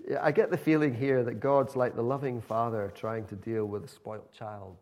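A man's voice: medium pitch, steady tone, normal speed, a little mellow. A man preaching a sermon in a conversational, emphatic storytelling manner.

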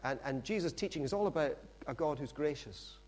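A middle-aged man delivers a sermon as a lively, conversational story. His voice sits somewhat high for a man, and he drops in friendly asides to the listeners as he goes. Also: fairly quick. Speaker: preacher.

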